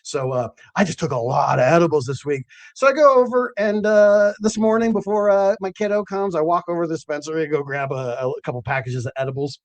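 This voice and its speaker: Fairly quick and with few pauses, a man on the high side hosts a late-night cannabis growing program, rambling through tales full of fillers and the odd curse word. The recording is dry.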